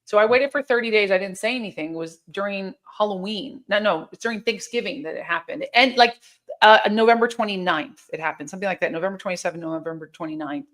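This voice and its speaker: Animated woman telling her story. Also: medium pitch, quick pace. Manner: animated, emphatic, frequent restarts and quoted dialogue. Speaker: interview guest. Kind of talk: candid conversational storytelling.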